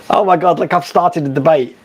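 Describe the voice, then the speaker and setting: A man's voice: fairly high pitch, noisy background. A middle-aged man hosting a live stream, chatting casually, reading viewer comments and laughing often. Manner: chatty, laughs often, many fillers and restarts.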